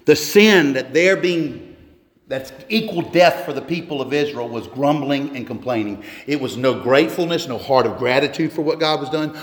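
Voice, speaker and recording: Man, pastor, earnest conversational sermon, fairly high voice, long hall reverb. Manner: earnest, conversational preaching with repeated restarts.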